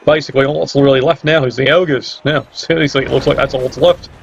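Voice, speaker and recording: Gravelly sarcastic game commentator. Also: male voice, mid-range voice, steady tone, fast talker. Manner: sarcastic, teasing. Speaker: match commentator. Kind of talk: video game match commentary. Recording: dull lo-fi mic with faint hiss.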